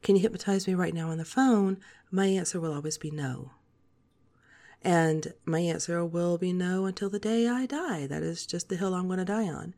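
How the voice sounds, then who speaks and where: A woman in her forties hosting a podcast, talking in a soft, calm, steady monologue. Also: on the low side. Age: 40s. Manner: soft, calm, slow-paced delivery. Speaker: podcast host.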